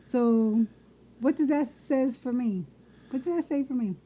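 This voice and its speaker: A woman's voice: high-pitched, a little slow, warm tone, low-quality recording. A woman co-hosting a casual podcast, teasing her partner bluntly and swearing. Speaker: podcast co-host.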